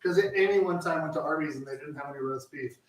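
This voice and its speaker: A man's voice: fairly high pitch, quick pace. A man co-hosting a live cooking show, chatting loosely with lots of fillers and restarts while he cooks. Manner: rambling, full of fillers and restarts. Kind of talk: casual chat while cooking. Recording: roomy, distant mic, faint noise.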